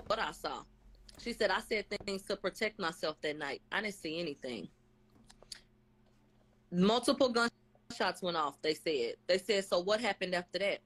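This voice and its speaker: Woman vlogger, casual recap, blunt and profane, average pitch. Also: a bit bright. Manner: blunt, profane, slangy, quotes testimony in acted voices. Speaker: vlogger recapping a court case.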